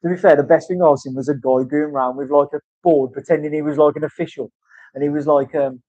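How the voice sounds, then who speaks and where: A man's voice: a little high, fast, a little mellow, dry recording. A man in casual chat, rambling and swearing through banter in a tattoo studio. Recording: dull, dry lo-fi sound.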